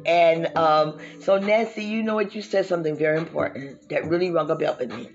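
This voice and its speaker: A woman's voice: low voice, brisk, dull audio, soft background music. A woman hosting a casual chat show, telling stories with a laugh and talking straight to her listeners. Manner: lively storyteller, laughing, addresses listeners as y'all. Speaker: host.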